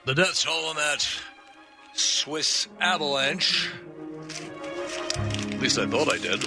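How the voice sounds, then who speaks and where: Slow-talking male radio colleague, a touch high-pitched, clear music underneath. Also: expressive. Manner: rambling, laughing to himself. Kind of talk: morning radio show banter.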